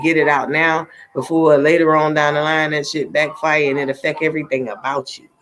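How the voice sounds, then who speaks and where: A middle-aged woman who reads tarot talks casually on a livestream, giving her advice like a sermon in a blunt, profane way. Her voice is low-pitched.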